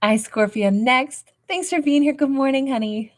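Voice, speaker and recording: A woman with a high voice hosts a livestreamed tarot reading at a normal pace. She's a tarot reader, peppy and emphatic, calling her viewers by affectionate names as she greets them.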